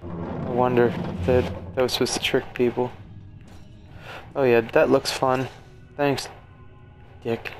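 A man's voice: mid-range voice, flat delivery, slow, long pauses, music in the background. A young man giving casual gameplay commentary in a crude, joking way, with plenty of swearing. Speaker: let's play gamer.

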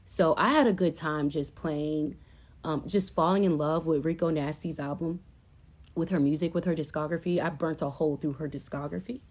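A woman's voice: low-pitched, steady tone, moderate pace, a little mellow, breathy edge. A woman chatting casually on a phone livestream, rambling and swearing freely and flaring into impassioned outbursts. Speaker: livestream host.

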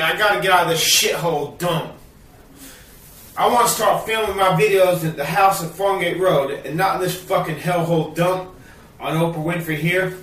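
A man ranting to the camera at home in a bitter, profane vlog, now and then bursting into shouts. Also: sits high, echoey room, distant mic, slight background noise. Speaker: vlogger. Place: cluttered home, indoors.

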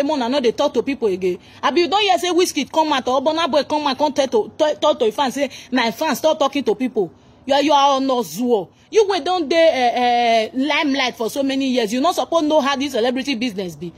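In an angry reaction rant, a commentator, a Nigerian woman with a Nigerian accent, mocks and scolds a celebrity, slipping into pidgin. She talks fast in a high, expressive voice.

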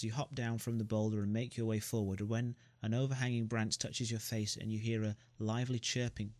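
A man's voice: on the low side, flat delivery, brisk, hardly any pauses, no echo. A man reading the narration of a story game aloud, with joking asides. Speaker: gamer.

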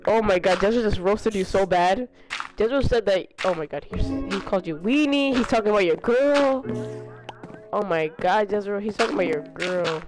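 A young man live-streaming a game with his friends, excitable and teasing, often laughing and breaking into sudden high yelps. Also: moderate pace, music in the background. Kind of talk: casual live-stream gaming banter.

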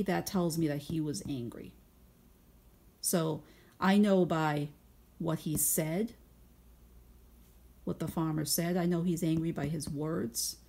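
A teacher, speaking in a lowish, creaky, husky voice, takes her time reading a picture book over video to young children at home, leaving long pauses. She patiently explains her reasoning and asks gentle guiding questions along the way.

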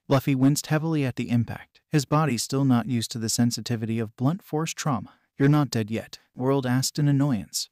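A man narrating a fan-written story, reading it evenly and flatly. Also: medium pitch, dry recording, studio quality. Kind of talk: read-aloud fanfiction narration.

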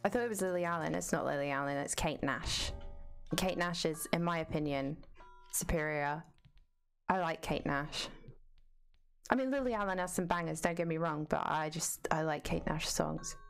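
A woman's voice: low-pitched, normal speed, gravelly, smooth, soft background music. A woman streaming a game, chatting casually, answering chat and swearing freely. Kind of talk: casual live-stream chat while gaming.

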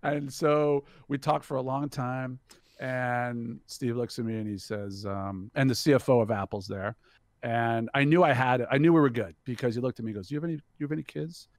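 A middle-aged man, a company executive and podcast guest, telling a long anecdote in a lively way and slipping into other people's voices. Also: mid-range voice, normal speed, dry recording, studio quality. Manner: animated storyteller who acts out quoted voices. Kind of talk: casual storytelling anecdote.

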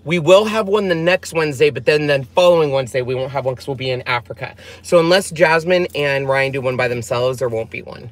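A woman's voice: very deep voice, brisk, a little hiss or hum. A woman hosting a casual vlog from a car, melodramatic and complaining about a burning mouth. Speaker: vlog host. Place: inside a car.

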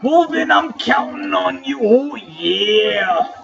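A tipsy young man co-hosting a game playthrough, joking and bursting into shouts. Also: sits high, sing-song, slow, creaky. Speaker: let's play co-host. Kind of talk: casual gaming banter. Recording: lo-fi, off-mic, game music behind.

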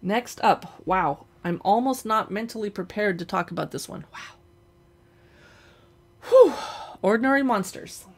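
Chatty woman hosting a book stream. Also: mid-range voice. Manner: chatty, enthusiastic. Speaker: book channel host. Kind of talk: livestream book talk and reading aloud.

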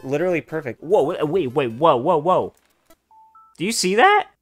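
A young man giving casual, profane gameplay commentary, swinging from loud excited outbursts to low muttering. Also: moderate pace, faint music behind. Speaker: gaming streamer.

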